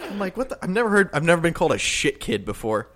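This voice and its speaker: A man's voice: fairly high pitch, sing-song, quick pace, noisy background. A man chatting casually with friends, telling a story with lots of laughter, swearing and quoted voices. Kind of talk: casual chat among friends.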